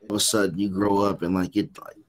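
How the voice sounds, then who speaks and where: A man's voice: low-pitched, flat delivery, fast talker. A man in his thirties in casual chat, easygoing and reassuring. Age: 30s.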